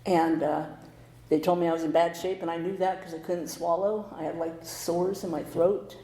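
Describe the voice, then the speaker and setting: A woman's voice: fairly low pitch, fairly even intonation, normal speed, mellow, echoey room, poor audio. A middle-aged American woman candidly telling her recovery story at a meeting, with wry humor. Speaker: speaker sharing her story. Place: meeting hall.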